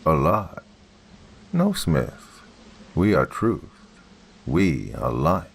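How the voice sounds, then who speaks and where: Man doing a deep monotone tree spirit. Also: vocal fry, breathy edge, full character voice. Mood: ominous. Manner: slow, flat, ominous. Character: deep monotone tree entity, male, menacing.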